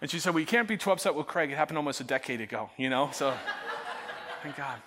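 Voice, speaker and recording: A middle-aged male pastor preaching a sermon in a church, telling a story with animated, self-mocking energy and then turning quiet and prayerful. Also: fairly high pitch, fast talker, husky. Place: church auditorium.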